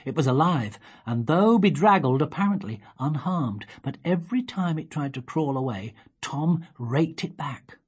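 A woman reading a children's story aloud, expressive and gently measured. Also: sits low, slightly rough. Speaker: reader.

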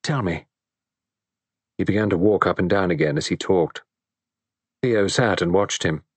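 Brief: male audiobook narrator, low voice, measured storytelling, dry close mic. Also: no room sound.

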